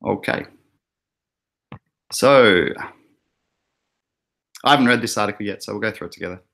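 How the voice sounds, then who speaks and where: A man's voice: lowish voice, normal speed, fairly bright tone. An Australian man hosting a casual livestream, rambling and chatty with frequent fillers and laughs. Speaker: crypto channel host.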